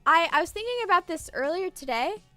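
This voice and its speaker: A woman's voice: very high voice, lively intonation, a little fast, sharp tone, no echo, soft background music. A woman streamer rambling in casual live-stream chat, irreverent and swearing freely.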